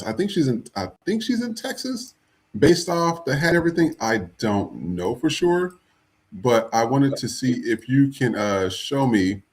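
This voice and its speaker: A man's voice: on the low side, slight background noise. A man hosting a podcast in a loose, chatty way, full of fillers. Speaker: podcast host. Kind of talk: casual chat.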